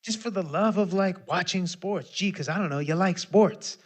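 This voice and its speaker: A man in his thirties ranting casually to viewers on a livestream, animated and profane, swinging between loud outbursts and low muttering. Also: moderate pace. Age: 30s. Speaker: musician hosting a livestream.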